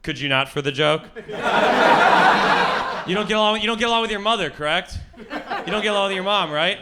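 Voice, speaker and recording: A young man performing a crude stand-up comedy set with quick crowd-work asides, over audience laughter. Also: sits high, very noisy. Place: live comedy show with audience. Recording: loud crowd laughter, live show. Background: loud audience laughter.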